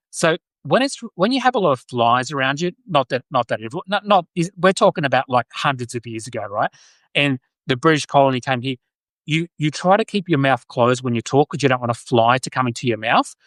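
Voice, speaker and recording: A man's voice: medium pitch, fairly bright tone, no room sound. A man from Australia with an Australian accent, hosting a podcast live stream and chatting casually in a rambling way, full of fillers and restarts. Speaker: podcast host.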